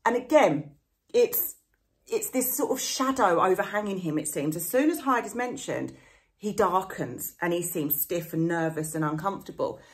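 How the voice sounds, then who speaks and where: A woman's voice: lowish voice, lively intonation, normal speed. Woman literature teacher, casual lesson delivery, chatty and hedging, slangy paraphrase. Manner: chatty, full of "sort of" hedges; paraphrases characters in everyday slang.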